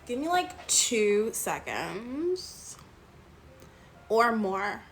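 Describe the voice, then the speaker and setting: A woman's voice: a little high, big pitch swings, drawn-out words, recorded from a distance, a little hiss or hum. A young woman chatting casually on a live stream, rambling and giggling with lots of filler words. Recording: roomy, off-mic, music behind.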